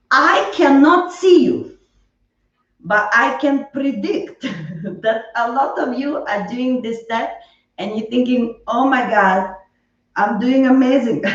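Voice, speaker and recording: Woman counting out dance steps. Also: a little high. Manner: counting out steps in a rhythmic, chatty teaching style. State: sweating from dancing. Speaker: dance instructor. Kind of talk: live online dance class. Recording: roomy, distant, dull live stream.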